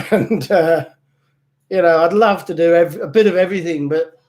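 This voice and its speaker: A man's voice: fairly high pitch, moderate pace, a little mellow. A middle-aged man hosting a casual live stream about model cars, joking and chuckling at himself. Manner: joking, chuckling, self-deprecating. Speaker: host of a model-car channel.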